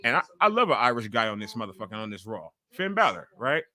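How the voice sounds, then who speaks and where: Host type: man in his forties, loud and chatty, bright, forceful tone, swears freely while reacting to wrestling live. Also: medium pitch, sing-song, quick pace. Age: 40s. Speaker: livestream host. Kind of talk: casual live wrestling watch-along commentary.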